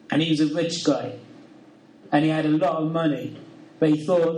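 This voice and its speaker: Male preacher, slightly high voice, earnest, chatty sermon, roomy far-off mic. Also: animated, moderate pace, a little mellow, a little hiss or hum. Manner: earnest, conversational, with rhetorical questions. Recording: roomy sound from a distant mic.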